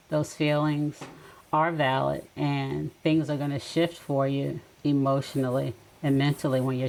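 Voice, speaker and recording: Middle-aged woman guest, deep and gravelly, reflective and advising; casual chat. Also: low-quality recording. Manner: reflective, gently advising, with soft laughs. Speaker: podcast guest. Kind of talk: casual conversation.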